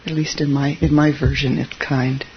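A Zen teacher speaks at a middling pitch, easygoing and conversational, with occasional chuckles at their own asides. The recording is a little muffled and lo-fi, with a faint hiss underneath. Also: level tone, moderate pace. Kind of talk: dharma talk.

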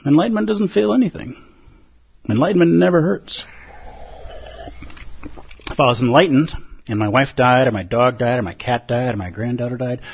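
Husky man giving a dharma talk. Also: mid-range voice. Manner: conversational, asks the audience rhetorical questions. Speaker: Buddhist teacher. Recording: dull lo-fi recording.

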